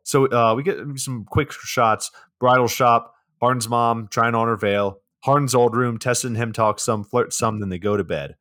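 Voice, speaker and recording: A man's voice: mid-range voice, fairly even intonation, moderate pace, hardly any pauses, fairly bright tone. A man co-hosting a podcast, ranting about a movie in casual, profane chat. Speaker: podcast co-host.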